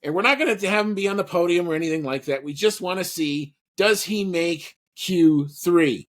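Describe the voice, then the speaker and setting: Chatty man with a fairly high voice. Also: moderate pace. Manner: rambling, lots of fillers and restarts. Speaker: podcast co-host. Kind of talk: casual podcast chat.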